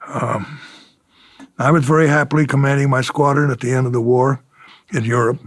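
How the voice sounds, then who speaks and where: A man's voice: mid-range voice, steady tone, moderate pace, no room sound. An older man, a retired fighter pilot, telling war stories in an oral history interview, chuckling and acting out the exchanges he quotes.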